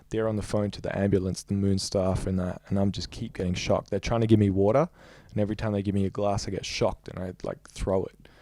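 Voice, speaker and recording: Young man, low dark voice, rambles through his story in a casual interview. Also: no room sound. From Australia. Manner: rambling, heavy use of "like". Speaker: musician guest.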